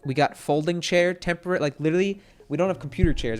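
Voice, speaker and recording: A man's voice: a little high, quick pace, soft background music. A young man streaming, telling a rambling casual story with many fillers and swearing.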